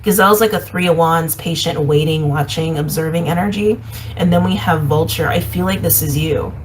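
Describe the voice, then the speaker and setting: A woman giving a casual intuitive reading, meandering and repeating herself, reflective with soft laughs. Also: low voice, fairly quick, background noise. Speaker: intuitive reader.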